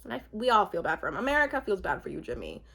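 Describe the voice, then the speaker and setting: A woman's voice: medium pitch, rapid-fire, vocal fry, husky. A woman giving a casual, chatty recap of a reality show, laughing often as she talks. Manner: chatty, giggly and expressive, with frequent laughs. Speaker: TV recap vlogger.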